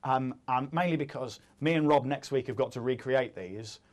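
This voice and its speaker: A man's voice: medium pitch, normal speed, darkish tone. A man in his thirties hosting a casual studio chat, joking and rambling, often laughing at his own lines. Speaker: host.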